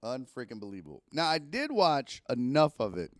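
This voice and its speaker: A man hosts a loose sports talk stream, cursing and rambling as his pitch rises and falls a lot. The sound is dry and close, from a microphone plugged into a camera. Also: moderate pace, no echo. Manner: profane, animated rambling. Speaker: sports talk show host. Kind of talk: casual sports talk livestream.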